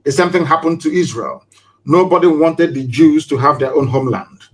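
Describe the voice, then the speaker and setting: High-voiced man, fiery speech. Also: moderate pace, low-quality recording. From Nigeria. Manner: emphatic, fond of rhetorical questions and repetition. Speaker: political leader giving a live broadcast. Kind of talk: impassioned live broadcast speech.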